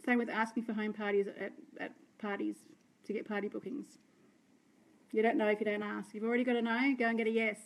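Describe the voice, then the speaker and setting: An Australian woman, a sales director, chatting and rambling warmly to her team on a live stream. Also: mid-range voice, level tone, fairly quick. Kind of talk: live-stream talk to viewers.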